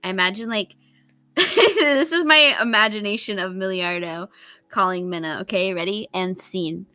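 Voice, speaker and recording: Bright, giggly woman streamer. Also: medium pitch, moderate pace, smooth, no echo. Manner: playful, giggly, teasing. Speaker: guest streamer. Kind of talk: casual stream chat.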